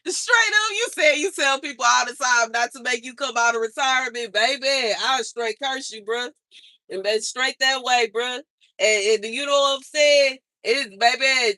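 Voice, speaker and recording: A woman venting to her livestream viewers in a loose, slangy rant, circling back to how tired and fed up she is. Her voice is bright and sharp-edged, and it sits dry and close with no room sound around it. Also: a little high, dry recording. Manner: exasperated venting, repeats herself, slangy.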